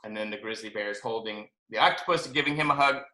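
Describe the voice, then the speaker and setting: A man, a children's author, reading his picture book aloud to first graders over a video call, expressive and asking them questions. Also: lowish voice, fast talker. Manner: animated, expressive, asks kids questions. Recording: roomy video call audio.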